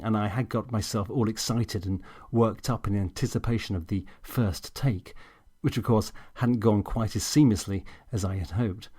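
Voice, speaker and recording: A man's voice: fairly low pitch, darkish tone, slightly rough. A man reading a comedy audiobook in the first person, with a wry, self-deprecating delivery. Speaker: audiobook narrator.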